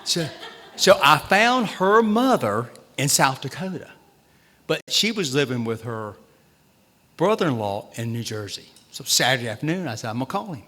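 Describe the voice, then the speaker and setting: A state treasurer with a Southern accent tells funny, self-deprecating stories at a town hall meeting, his voice carrying a long reverb through the hall. He speaks at normal speed with an expressive, medium-pitched, fairly bright voice.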